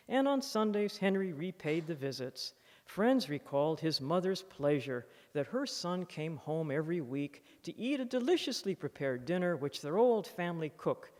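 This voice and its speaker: A woman author giving a public lecture, reading from her book with expressive, animated emphasis at a podium microphone. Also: fairly low pitch. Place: lecture hall in a library museum. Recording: long reverb of a lecture hall.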